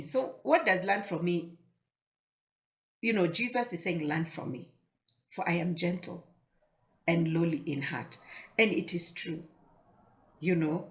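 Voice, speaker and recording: A woman hosting a casual devotional talk, conversational and often repeating words as she thinks aloud. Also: on the low side. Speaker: devotional video host.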